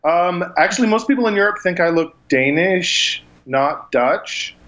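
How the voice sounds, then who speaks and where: A man's voice: high-pitched, expressive, a little slow, a bit bright. A man calling in to a podcast from the road, talking about leading motorcycle tours. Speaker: motorcycle tour guide. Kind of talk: casual interview. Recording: phone call.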